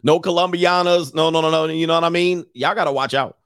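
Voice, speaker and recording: A man's voice: fairly high pitch, fairly even intonation, fairly quick, fairly bright tone, clean tone, no echo, studio quality. A man hosting, on a loose, profane comic rant, breaking into put-on voices.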